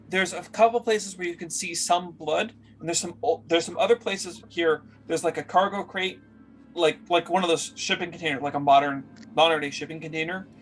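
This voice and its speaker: Rambling game master, higher voice. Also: male voice. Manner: rambling, searching for words with many fillers. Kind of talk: narrating a tabletop game.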